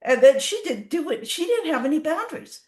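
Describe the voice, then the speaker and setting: Animated woman horse trainer, echoey room. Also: high-pitched, brisk. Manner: animated, acts out horses' reactions. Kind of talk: casual storytelling in an interview.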